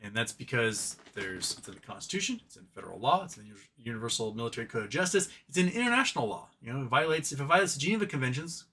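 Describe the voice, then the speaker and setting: Bright-voiced man rambling on a livestream. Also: mid-range voice, big pitch swings, fast talker, hardly any pauses, breathy edge. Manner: rambling, opinionated, drops to a mumble talking to his cat. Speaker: livestream host reading viewer comments. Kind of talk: casual livestream commentary.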